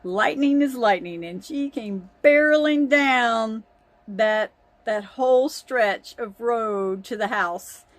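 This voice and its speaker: A woman's voice: a little high, slow, no echo. A woman telling a family story in a chatty way, often breaking into laughter. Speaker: vlogger. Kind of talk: casual storytelling.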